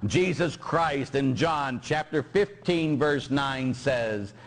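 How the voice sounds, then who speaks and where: A man's voice: medium pitch, slow pace. A middle-aged man from Pittsburgh, a Catholic priest preaching a sermon and joking with his congregation.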